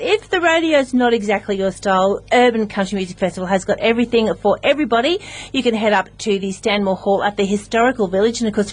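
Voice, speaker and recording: Aussie radio lady, upbeat, chatty studio presenting. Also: medium pitch. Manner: upbeat, enthusiastic. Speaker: radio host. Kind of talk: local radio presenting and interview.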